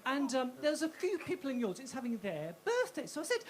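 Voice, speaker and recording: A woman's voice: high voice, very animated, fast. Posh-sounding woman doing stand-up. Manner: self-mocking, swears freely, stumbles and repeats words. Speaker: stand-up comedian. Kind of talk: live stand-up set. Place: comedy club stage. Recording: live club recording with crowd noise. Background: audience laughing.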